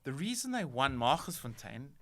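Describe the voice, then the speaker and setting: A man's voice: mid-range voice, very animated, moderate pace, fairly bright tone. A man hosting a casual podcast chat, rambling and teasing with many restarts. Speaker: podcast host.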